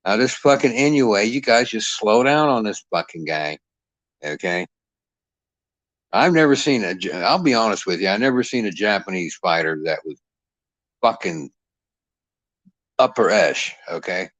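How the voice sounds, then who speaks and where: A man's voice: lowish voice, animated, normal speed, long pauses, fairly bright tone, no room sound. A middle-aged man ranting about boxing in a cantankerous, foul-mouthed, mocking way. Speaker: boxing commentator. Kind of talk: profane ranting commentary.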